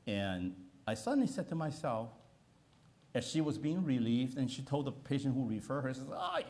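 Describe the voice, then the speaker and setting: Male doctor, middle-aged, animated lecturer whose pitch leaps around; stammers, repeats and checks in with listeners. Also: moderate pace. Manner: repetitive restarts, emphatic, asks listeners "okay?". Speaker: physician giving a talk. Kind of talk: animated lecture with patient story.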